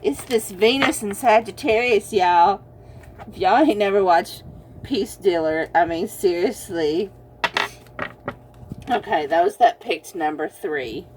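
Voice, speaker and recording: Casting: woman tarot reader, unhurried and teasing, with soft room noise behind her. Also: medium pitch. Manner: chatty and teasing, laughs often, addresses viewers as y'all. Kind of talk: casual pick-a-card tarot reading.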